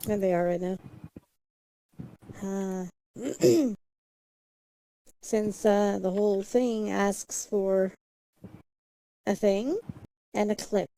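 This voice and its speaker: A woman's voice: mid-range voice, extremely slow, gravelly, pauses often, warm tone, no room sound, low-quality recording. A woman livestreamer in casual chat, muttering to herself as she sets things up and humming nonsense syllables. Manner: chatty, mutters to herself while setting up; hums and sings nonsense syllables.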